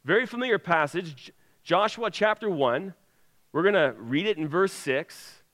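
A man's voice: sits high, animated, moderate pace, fairly bright tone. A man preaching a sermon with an emphatic delivery that rises and falls. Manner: emphatic, rising and falling delivery. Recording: long hall reverb.

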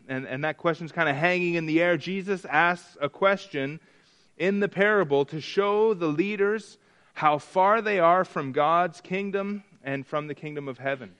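A man's voice: on the high side, fairly bright tone. A man preaching a sermon in a church, chatting with the congregation, asking them questions and often restarting his sentences. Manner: conversational, asks the congregation questions; many restarts and repetitions. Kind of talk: interactive sermon.

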